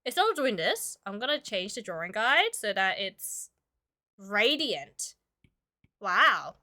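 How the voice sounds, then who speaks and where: A woman's voice: medium pitch, big pitch swings, slow pace, pushed and bright. A woman streamer chatting casually with her audience while drawing, giggly and full of filler words, sick and coughing now and then. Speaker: streamer and illustrator.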